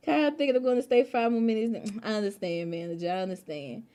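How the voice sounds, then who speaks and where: A woman streaming a game from home, chatting casually with her viewers in an animated, slangy way. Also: mid-range voice, fast talker, hardly any pauses. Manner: animated, slangy, bursts into laughter.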